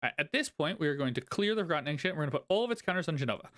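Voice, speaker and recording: A man casually narrating his own card game play, thinking aloud, counting out loud and laughing often. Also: fairly high pitch, expressive, rapid-fire. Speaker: card game content creator. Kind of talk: casual gameplay commentary.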